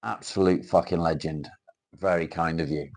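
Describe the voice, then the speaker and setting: A man's voice: low-pitched, fairly even intonation, normal speed, a little mellow. A man from Cheshire with an accent mixing northern English and South Welsh, chatting casually on a livestream, swearing freely and greeting viewers by name. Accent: mix of northern English and South Welsh. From Cheshire, England. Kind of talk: casual livestream chat reading out comments.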